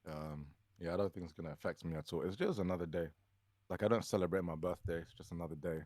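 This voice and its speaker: A young man from the UK with a very low voice, talking casually and hesitantly on a podcast, full of "um" and "like." The recording is dry and close. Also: fast talker, darkish tone, no echo. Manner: hesitant, lots of fillers, laughs as he tells a story. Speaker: podcast co-host. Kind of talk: casual chat.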